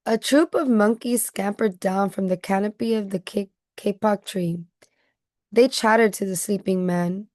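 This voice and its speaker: A woman teacher reading a picture book aloud to children, pausing to ask questions and check they follow along. Her voice is close and dry, with a mid pitch. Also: dry recording. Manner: gentle questioning, checking in with listeners.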